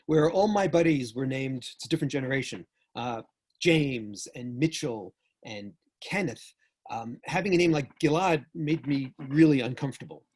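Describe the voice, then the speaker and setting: Older new york guy giving a talk, husky, jokey, gets loud then drops soft. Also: mid-range voice, moderate pace. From United States. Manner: animated storyteller, jokey, swings between loud and soft. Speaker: speaker. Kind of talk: lecture talk.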